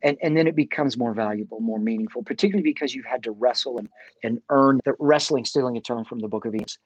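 A man's voice: medium pitch, no echo. Earnest man with a dry sound. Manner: earnest, halting with restarts. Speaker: guest. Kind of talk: faith conversation.

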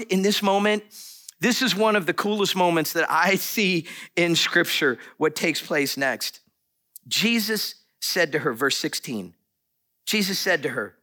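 Male pastor, high and animated, casual sermon delivery with asides. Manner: animated, conversational preaching with asides and laughs.

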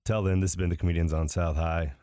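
A man delivering the closing sign-off of a podcast as its host, plugging a live show. His voice is very low and dry, with no room sound around it. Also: flat delivery, fast, dark tone, clear, resonant tone, no room sound. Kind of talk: show outro.

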